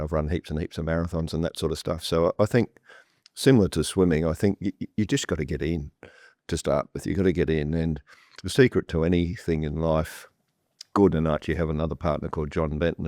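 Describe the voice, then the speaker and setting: A low-voiced, slightly mellow man, a property developer guest, tells stories conversationally on a panel before a live audience. He's blunt and plain-spoken with repetitive restarts, and the sound is clean studio audio with no echo.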